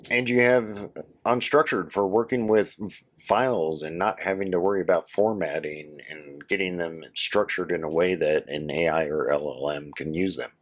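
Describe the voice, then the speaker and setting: A man with a hoarse voice from a cold, casually walking viewers through a software setup as a tutorial host. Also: sits low, normal speed. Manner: casual, instructive, addresses viewers as guys. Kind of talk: screen-share tutorial walkthrough.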